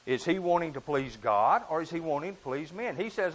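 A man preaching a sermon in an earnest, emphatic way, often rising and dropping in pitch and volume. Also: lively intonation, fairly quick, low-quality recording.

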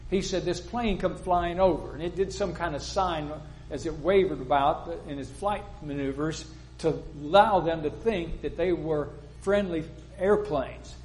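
Older male preacher, slightly high-pitched, folksy storytelling sermon delivery. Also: unhurried, low-quality recording. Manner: plain-spoken storytelling preacher, quotes people in lively voices.

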